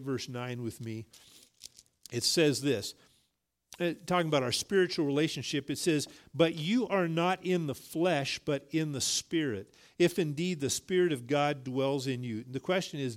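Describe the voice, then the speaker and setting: A middle-aged male pastor preaching a sermon, telling a folksy story and rising emphatically on key points. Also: mid-range voice.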